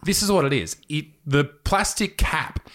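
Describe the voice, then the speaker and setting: A man's voice: a little high, a little slow, a bit bright. A man, telling a story in casual chat, swearing freely and laughing often.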